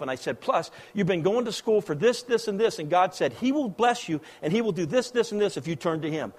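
A middle-aged man from the United States preaching a sermon, swinging between loud exhortation and hushed, quiet passages. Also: sits high, animated, fairly quick, hardly any pauses. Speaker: pastor.

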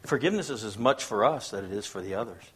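A man's voice: animated, quick pace, a little hiss or hum. A man preaching a sermon as pastor, telling stories, acting out quoted voices and asking the crowd if they follow. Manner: storytelling preacher, acts out quoted voices, asks the crowd questions; swings between hushed low asides and loud raised bursts.

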